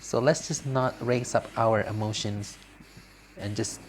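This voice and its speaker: A man's voice: fairly low pitch, fairly even intonation, a little slow, a little hiss or hum. A man casually commenting on a mobile game he is playing, rambling with slips. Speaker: gaming channel host.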